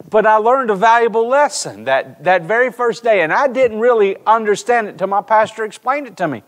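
Guy preaching in church, pretty high voice, tells stories and keeps asking the room if they're with him. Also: normal speed. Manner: storytelling preacher, animated, addresses congregation directly. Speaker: pastor. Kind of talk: sermon. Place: church sanctuary.

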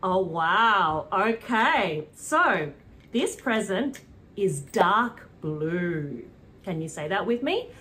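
A young woman with a British accent, presenting a preschool lesson in a slow, sing-song, animated way, with gasps and cheers. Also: medium pitch. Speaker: children's presenter. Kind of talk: preschool teaching.

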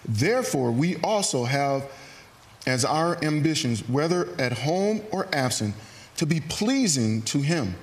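A man preaching a sermon in a church, earnest and animated, acting out hesitant asides. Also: on the high side, unhurried. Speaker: pastor. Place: church sanctuary.

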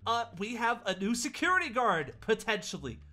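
A performer voicing a nervous, eager animatronic running a pizzeria, stammering and excitable. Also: mid-range voice, moderate pace. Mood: flustered. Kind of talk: Minecraft roleplay acting.

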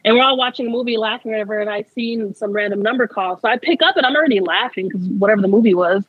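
A young woman tells her story in a loose, chatty way, with a husky and fairly high voice. The recording sounds dull and dry. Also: rapid-fire, no echo. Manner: chatty, laughs often, fillers like "like" and "I'm like". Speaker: interview guest. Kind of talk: casual storytelling interview.

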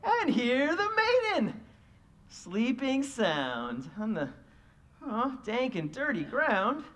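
A woman's voice: on the high side, huge pitch swings, slow, a bit bright, heavily acted. A woman playing the mischievous sprite Puck in a live stage Shakespeare performance, giggling through her playful, theatrical lines. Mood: impish.

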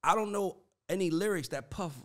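Man, host, casual profane chat, slangy, animated, a bit high-pitched. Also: a little fast. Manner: animated, profane, slangy storytelling with frequent "like" and "dog". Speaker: podcast host and manager of writers and producers.

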